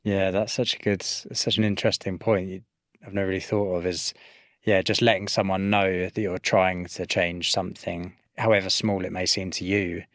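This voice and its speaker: Man, very low voice, hesitant, thinking aloud, dry mic. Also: level tone, moderate pace, a bit bright, dry recording. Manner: thinks aloud, hesitant, restarts his questions. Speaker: podcast host. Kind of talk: conversational podcast interview.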